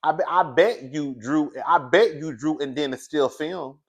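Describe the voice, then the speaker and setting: A man giving casual commentary on a reality show in an animated, chatty way, laughing often and calling the listener girl. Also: on the high side, unhurried. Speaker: reality TV reviewer.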